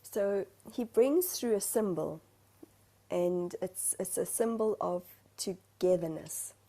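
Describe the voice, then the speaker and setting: A woman's voice: lowish voice, takes it slowly, dark tone. A woman from South Africa, a spiritual medium, talking earnestly over a video call and searching for her words. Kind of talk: heartfelt conversational sharing.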